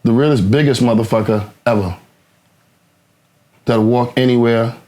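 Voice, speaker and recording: A man, a guest rapper telling stories in a casual interview, animated and acting out what others said, swearing freely. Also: mid-range voice, normal speed. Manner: animated, acts out quoted dialogue, swears freely.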